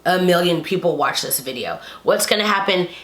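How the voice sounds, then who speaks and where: A woman's voice: fairly low pitch, lively intonation, a little fast, a bit bright, echoey room, low-quality recording. A woman talking casually to camera, recapping and commenting with lots of "like" and exasperated asides. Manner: chatty, frequent "like", exasperated asides. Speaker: YouTube commentator.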